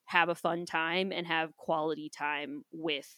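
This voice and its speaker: Animated woman telling stories, dry sound. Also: low-pitched, unhurried, dry recording. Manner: animated storytelling, acts out quoted people, swears casually. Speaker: podcast co-host. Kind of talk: casual chat.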